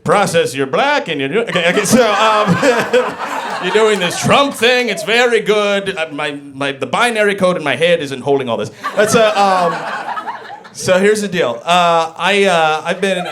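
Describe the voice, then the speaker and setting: A man's voice: sits high, a little slow, background noise. A man doing a live stand-up set in a studio session, rambling and interrupting himself with fillers and asides. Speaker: stand-up comedian. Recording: live crowd laughter.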